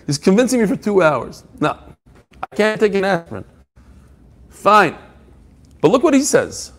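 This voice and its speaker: A man teaching a Talmud class, emphatic and animated, quoting passages and explaining them in English. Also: high voice, normal speed, pauses often. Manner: animated, emphatic, mixing Hebrew-Aramaic quotes with English explanation.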